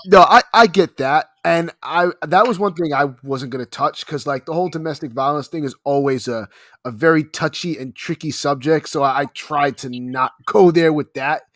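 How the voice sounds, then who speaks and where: A man's voice: a little high, normal speed, a bit bright, no room sound, studio quality. A man co-hosting a casual podcast who rambles, fills his talk with "like", and often laughs. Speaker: podcast co-host.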